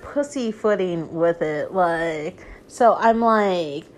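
A woman's voice: medium pitch, takes it slowly, darkish tone. A young adult woman telling a casual story to camera, chatty and profane, with lots of "like" fillers. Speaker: vlogger.

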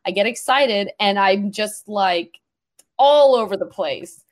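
A woman voice coach chatting on a podcast, animated and demonstrative, laughing often. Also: mid-range voice, slow pace. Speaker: voice coach guest. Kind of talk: casual podcast conversation.

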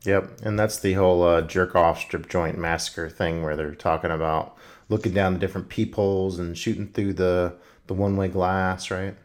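A man co-hosting a casual film podcast, chiming in with relaxed comments. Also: sits low, normal speed. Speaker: podcast co-host.

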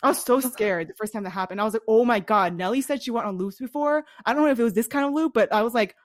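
Young woman, podcast co-host, quick profane storyteller, dry close recording. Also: fairly high pitch, no room sound. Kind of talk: casual podcast chat.

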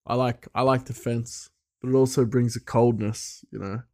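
A man's voice: medium pitch, fairly even intonation, normal speed, darkish tone. A man hosting a solo podcast in loose, rambling casual chat with frequent chuckles. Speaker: podcast host.

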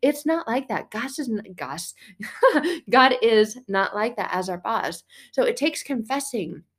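A woman's voice: on the high side, a little slow. Chatty middle-aged woman podcasting about faith. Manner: chatty and animated, laughing, swearing, acting out quotes. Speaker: podcast host. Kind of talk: casual faith podcast monologue.

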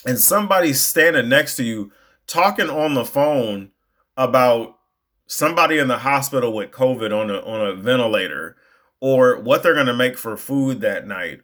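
A man's voice: mid-range voice, a bit bright. A man talks in a loose, conversational monologue, leaning hard on his points. He fills the gaps with plenty of likes and you knows. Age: adult. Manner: conversational, emphatic, lots of fillers. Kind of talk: casual monologue.

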